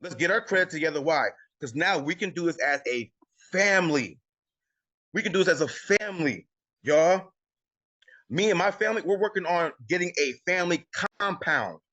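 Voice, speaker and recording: A man who has children hosts a live credit coaching call, delivering motivational talk emphatically and repetitively with plenty of "y'all." His high-side voice is animated, pushed and bright at a normal pace, recorded with lo-fi sound.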